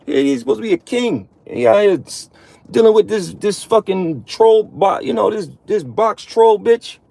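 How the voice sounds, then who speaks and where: Man voicing mocking, profane male deity; raised, higher voice. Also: lively intonation, normal speed, gravelly, mellow, exaggerated voice. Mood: scornful. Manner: mocking, profane, street slang. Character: scornful male God looking down on a man.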